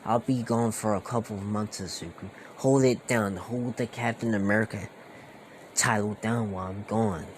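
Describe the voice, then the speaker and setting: A man's voice: lowish voice, steady tone, moderate pace, a little hiss or hum, lightly acted. A young man voicing an earnest, fatherly superhero captain in a fan story, giving solemn, heartfelt speeches to his son.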